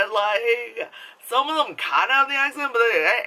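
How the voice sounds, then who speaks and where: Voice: sits high, big pitch swings, takes it slowly, bright, forceful tone. A movie reviewer talking into a camera in a casual, rambling vlog review, swearing freely and laughing often. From United States.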